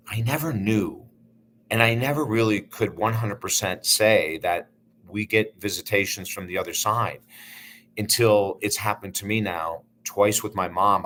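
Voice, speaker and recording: Earnest man with a bright, lowish voice. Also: a little hiss or hum. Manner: earnest, heartfelt, with restarts. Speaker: life coach and channel host. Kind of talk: personal storytelling to camera.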